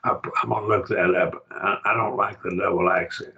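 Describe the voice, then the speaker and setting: A man's voice: deep voice, fairly even intonation, brisk, vocal fry, bright, forceful tone, muffled recording. An older man teaching a Greek grammar lesson, patient, checking that his student follows. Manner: patient, explains step by step, checks understanding.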